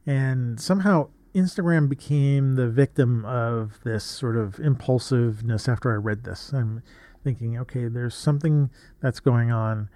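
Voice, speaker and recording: At a measured pace, a dark-toned man of medium pitch, a photographer in his fifties, reads aloud from an old journal without any echo. His delivery is relaxed and reflective, wandering with many restarts and asides.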